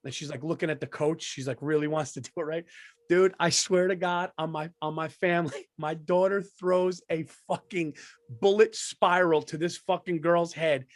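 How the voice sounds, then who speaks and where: A middle-aged man from the United States, co-hosting a podcast and telling a story in an animated, profane way. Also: a little high, moderate pace, no room sound. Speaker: podcast co-host. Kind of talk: casual comedic storytelling. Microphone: studio microphone.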